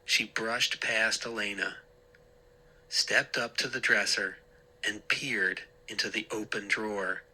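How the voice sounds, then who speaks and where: A man narrating a scary story in a measured, deliberate way. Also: lowish voice, steady tone, bright, forceful tone, breathy edge, poor audio.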